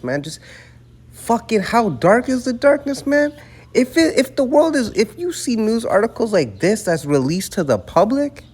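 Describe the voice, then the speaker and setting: Emphatic, preachy, profane male commentator. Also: on the high side. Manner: emphatic, preachy, lots of rhetorical "right?" and "man". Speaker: online commentator.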